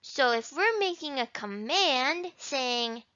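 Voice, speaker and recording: A woman teaching an introductory language lesson, modeling words slowly and carefully with upbeat emphasis. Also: sits high, lively intonation, pushed and bright, no room sound, dull audio. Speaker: Spanish teacher.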